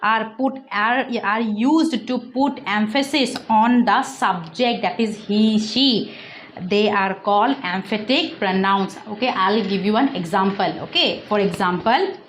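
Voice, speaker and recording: Slow, careful teacher. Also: female voice, medium pitch, slight background noise. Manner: slow, repetitive explaining with frequent "okay", "clear?" checks. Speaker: school English teacher. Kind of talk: classroom grammar lesson. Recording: echoey room recording.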